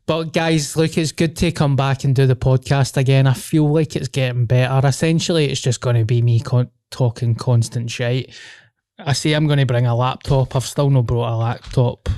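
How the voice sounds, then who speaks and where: A man's voice: medium pitch, fairly even intonation, normal speed, a little mellow, no echo, clean studio sound. A young man with a Glaswegian accent hosting a casual podcast, rambling and swearing as he chats. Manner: swearing, laughing, rambling banter. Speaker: podcast host.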